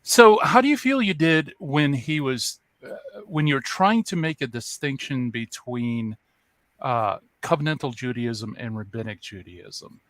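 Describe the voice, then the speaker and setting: A man's voice: medium pitch, lively intonation, measured pace, fairly bright tone, no room sound. A man co-hosting a casual discussion, joking lightly and putting questions to a guest.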